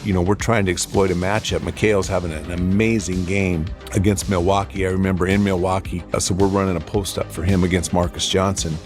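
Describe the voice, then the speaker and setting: Deep-voiced man telling a game story. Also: flat delivery, a little fast, few pauses, soft background music. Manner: easygoing, lots of "like". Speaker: former basketball player on a podcast. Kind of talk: conversational storytelling.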